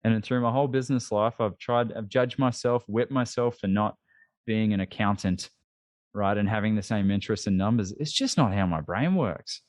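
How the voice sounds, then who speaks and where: A man with an Australian accent, a podcast guest talking in a casual interview in an animated, emphatic and self-deprecating way. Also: lowish voice, moderate pace, dry recording, clean studio sound.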